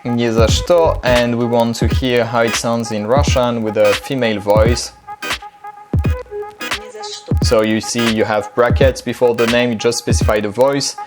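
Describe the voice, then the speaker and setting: A man, giving a relaxed, chatty screen-share tutorial on building a language-learning dialogue. He explains things casually, often pausing on um and uh. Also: mid-range voice, music in the background. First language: French.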